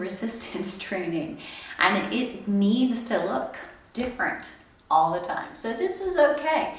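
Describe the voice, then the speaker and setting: A woman's voice: mid-range voice, slight background noise. A woman in her fifties, a fitness instructor, demonstrating a home workout in an encouraging way, a little out of breath. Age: 50s. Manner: encouraging, counts reps while lifting. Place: home room. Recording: very echoey room, far from mic.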